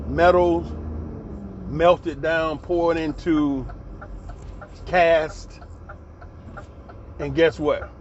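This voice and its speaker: A man's voice: a little high, takes it slowly, pauses often, slight background noise. A man giving passionate, profane, heated commentary in a ranting vlog. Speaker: commentary vlogger. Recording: slightly dull lo-fi recording.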